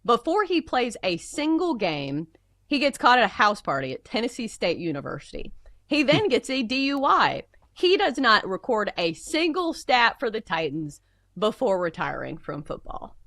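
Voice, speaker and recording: A woman's voice: a little high, big pitch swings, moderate pace, fairly bright tone, no echo. A woman co-hosting a show in casual chat, talking expressively and complaining with humor. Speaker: co-host. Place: studio.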